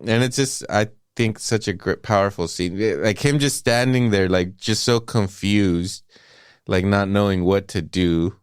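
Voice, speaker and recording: Low-voiced man swearing through a film recap. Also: measured pace, clean tone, no room sound, clean studio sound. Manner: profane, animated retelling with acted quotes. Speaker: podcast co-host. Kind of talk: casual movie-review chat.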